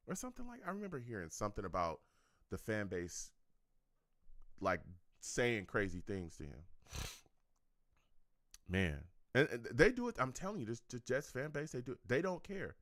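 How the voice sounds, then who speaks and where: A man's voice: mid-range voice, dry recording, studio quality. A young man hosting a sports live stream, reading viewer comments in a casual chat and repeating himself with frequent laughs. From California. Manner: animated, laughs often, repeats phrases.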